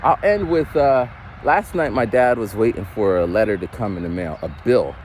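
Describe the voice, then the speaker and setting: A man's voice: lowish voice, animated, moderate pace, a little mellow, slight background noise. A man in his forties rambling casually while walking outdoors, loose and unpolished, swearing now and then. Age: 40s. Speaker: vlogger.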